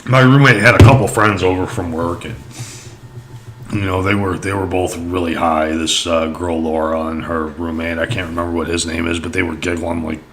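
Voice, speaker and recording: A man's voice: low voice, flat delivery, moderate pace, noisy background. A young man telling a personal story in a rambling, casual way, with lots of fillers and swearing. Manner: rambling, profane, many fillers.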